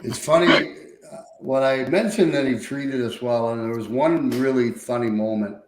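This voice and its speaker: A man's voice: medium pitch, moderate pace, a little hiss or hum. Man telling stories in an echoey room. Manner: relaxed anecdote telling. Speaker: co-host, former player. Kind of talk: casual podcast chat.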